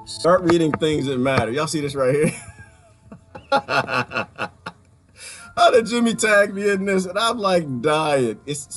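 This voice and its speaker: A man talking casually to his viewers about politics, animated, often breaking into laughter and repeating his phrases. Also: a little high. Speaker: vlogger.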